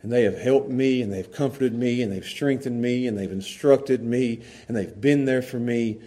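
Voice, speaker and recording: A man preaching a folksy sermon to a small church congregation, swinging from hushed earnest passages to loud, excited storytelling. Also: medium pitch, moderate pace. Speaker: pastor. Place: small church, evening service.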